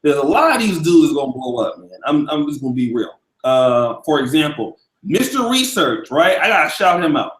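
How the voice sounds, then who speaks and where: A man's voice: on the high side, very animated, normal speed, few pauses, a bit bright, reverberant, rough recording. A man hosting a live stream in a loose, profane, casual way, hyping up his audience. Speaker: livestream host.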